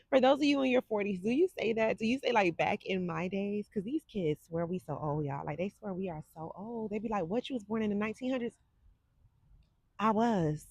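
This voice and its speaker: Brisk and sassy, a woman in her forties hosts a psychic livestream, chatting casually straight to her audience. Her medium-pitched voice is husky and a little mellow, captured by a desk microphone with no room sound.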